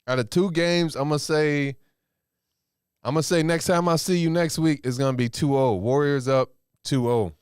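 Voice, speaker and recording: A man with a smooth, clear voice hosting a laid-back podcast chat. He responds in an easygoing, encouraging way with casual slang. The recording is dry and close. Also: fairly high pitch, normal speed, no echo. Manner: relaxed, affirming listener with slangy back-channels.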